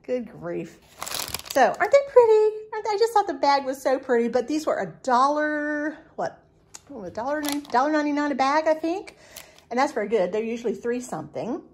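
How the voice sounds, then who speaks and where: A woman's voice: sits high, very animated, brisk, a little mellow, a little hiss or hum. A woman, chatting homey and rambling through a grocery haul as a channel host in her farmhouse kitchen. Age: 60s. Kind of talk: casual grocery haul vlog.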